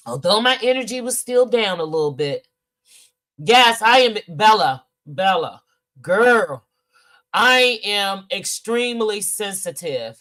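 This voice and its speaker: A woman's voice: mid-range voice, lively intonation, slow, fairly bright tone. A middle-aged woman hosting a podcast, chatting casually with viewers in a candid, emotional way, swearing freely and sounding teary. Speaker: podcast host. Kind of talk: casual livestream chat, reading viewer comments.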